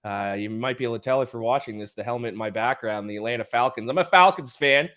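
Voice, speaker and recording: A man with a Canadian accent and a hoarse, flu-worn voice talks football on a podcast. He is chatty and self-deprecating, tripping over his words when he gets going. His pitch sits in an ordinary middle range. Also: quick pace, fairly bright tone. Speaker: podcast co-host. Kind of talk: casual podcast chat.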